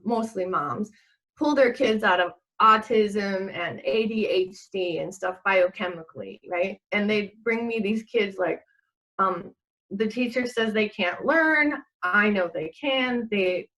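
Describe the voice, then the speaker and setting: Brief: middle-aged woman, easy mid-pitched voice, rambling anecdotal guest who laughs a lot. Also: takes it slowly, pushed and bright, low-quality recording. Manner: rambling storyteller who laughs often and acts out quotes. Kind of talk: casual chat.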